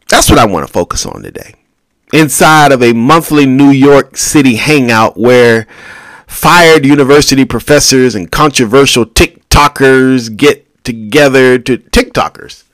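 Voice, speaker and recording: A man's voice: mid-range voice, very animated, measured pace, fairly bright tone, no echo. Man, casual rambling podcast host, crude jokes, talks to himself, dry close sound. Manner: rambling, jokey, crude asides, talks to himself while scrolling. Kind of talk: casual solo podcast monologue.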